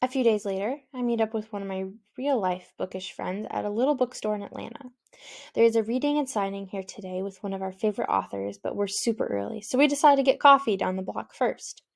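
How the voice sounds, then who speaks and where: Female audiobook narrator, first-person, casual and youthful, with a touch of vocal fry. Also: mid-range voice, fairly quick. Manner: conversational, youthful, inward.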